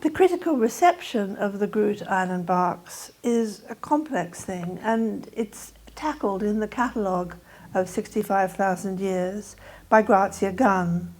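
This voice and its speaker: A woman's voice: medium pitch, darkish tone, poor audio. Older woman giving a lecture. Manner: measured, academic, with fillers. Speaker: guest speaker. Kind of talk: lecture talk.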